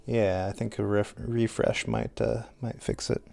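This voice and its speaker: A man's voice: fairly low pitch, flat delivery, measured pace, gravelly, a little mellow, faint music behind. A man telling a rambling story on a live stream while he paints, hesitant and self-conscious, with a dry throat.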